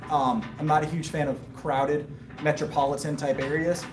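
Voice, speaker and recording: Chatty man, fairly high voice. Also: little pitch movement, moderate pace, reverberant, noisy background. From Southern US. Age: 30s. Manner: rambling, chatty, answers viewer questions with a laugh. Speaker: powerlifting livestreamer. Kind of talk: casual live-stream chat between sets.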